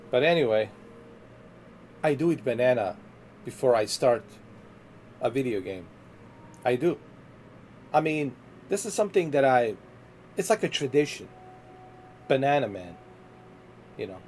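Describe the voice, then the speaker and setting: A man chatting casually on a gaming livestream, rambling and laid-back, often trailing off quietly. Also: mid-range voice, slight background noise. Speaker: livestreaming gamer.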